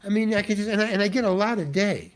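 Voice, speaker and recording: A man's voice: high voice, quick pace, a little hiss or hum. An older man, a guest actor, telling stories in a casual interview, rambling with restarts and exasperated asides.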